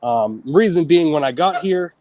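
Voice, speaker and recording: A man working as a delivery driver talks casually on a livestream while out on runs. His voice sits a bit higher than most men's, and he speaks in a halting way with frequent restarts. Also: expressive, darkish tone, slight background noise.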